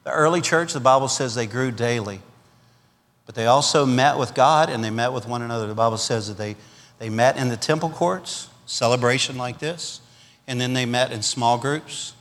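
A man with a Southern US accent preaching a storytelling revival sermon, swinging between loud punches and quiet asides. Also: mid-range voice, moderate pace, long reverb tail. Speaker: pastor.

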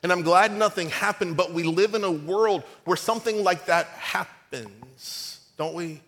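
High-voiced middle-aged pastor with a cold. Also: male voice, measured pace, big-room sound. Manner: storytelling, animated and conversational, acts out quotes. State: has a cold. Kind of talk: sermon.

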